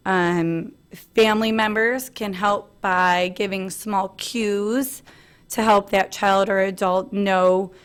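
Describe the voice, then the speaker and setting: A woman in her thirties giving an earnest personal presentation at a family meeting, pausing often on "um". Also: medium pitch, fairly even intonation, clean tone. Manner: earnest, frequent "um" fillers, light laughs.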